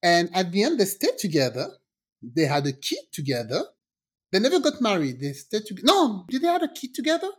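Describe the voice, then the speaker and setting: A woman's voice: fairly quick, slightly rough. A woman casually telling a personal story on a podcast, acting out the people in it with big swings in her voice and swearing freely. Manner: animated, acts out quoted voices with big pitch jumps, swears freely.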